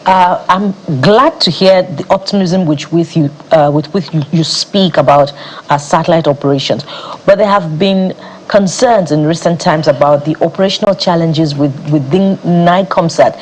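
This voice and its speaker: A Nigerian woman co-anchoring a TV news interview, asking pointed, measured questions. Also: lowish voice, a little hiss or hum, low-quality recording.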